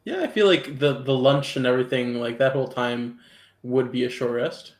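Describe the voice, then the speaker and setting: A man running a tabletop game as game master, narrating in an easygoing, measured way. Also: mid-range voice, roomy sound.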